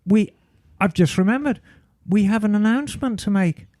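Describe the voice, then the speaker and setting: A man's voice: high-pitched, moderate pace, darkish tone, no room sound, clean studio sound. A man hosting a casual podcast, playful and theatrical, teasing his co-hosts with pet names. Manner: playful and theatrical, calls people darling. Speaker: podcast host.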